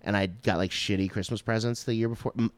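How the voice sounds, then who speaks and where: A man's voice: on the low side, steady tone, quick pace, dry recording. A man in his late twenties from North Texas, hosting a casual podcast and telling crude, rambling stories full of filler words. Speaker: podcast host.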